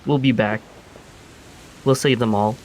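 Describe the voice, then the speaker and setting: A man's voice: mid-range voice, steady tone, measured pace, darkish tone, a little hiss or hum, lightly acted. A man voicing a big alligator-man warrior who talks in an earnest, shaky, consoling way. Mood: tearful consoling.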